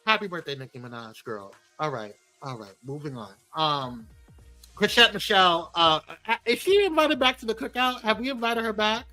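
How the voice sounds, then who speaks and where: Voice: mid-range voice, expressive, normal speed, pushed and bright, no echo, soft background music. A host of a live show, chatting casually in a sassy, teasing, playful way, calling people girl and baby and trading jokes with the crew. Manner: chatty with frequent laughs and restarts.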